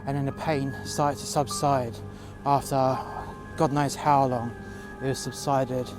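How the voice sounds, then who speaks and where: A man telling a first-person story outdoors in the cold, halting with fillers and breaking into profane outbursts. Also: mid-range voice, flat delivery, over music.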